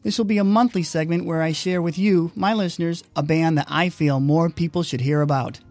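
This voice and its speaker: A man's voice: a little high, fairly even intonation, a little fast, a little mellow. A man hosting a podcast, reading a friendly, upbeat scripted introduction. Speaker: podcast host.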